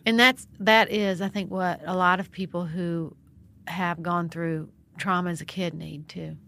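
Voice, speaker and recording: A woman's voice: lowish voice, measured pace, gravelly. A middle-aged woman, a founder and priest, telling stories in a conversational interview and acting out what people said. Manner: animated, expressive storyteller who acts out quotes. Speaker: guest, nonprofit founder and priest.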